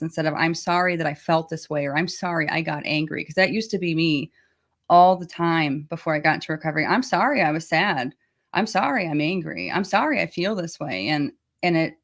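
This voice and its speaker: A woman with a notably low voice co-hosts a recovery livestream. She talks openly and thoughtfully, sharing personal experience in an unhurried, soft-spoken manner. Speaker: recovery coach, livestream co-host. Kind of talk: casual livestream Q&A talk.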